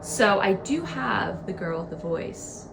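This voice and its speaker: A woman's voice: mid-range voice, animated, slow, gravelly, noisy background. A young adult woman hosting a podcast, telling a rambling story in a casual, chatty way with many fillers, sometimes dropping into a whisper. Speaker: podcast host.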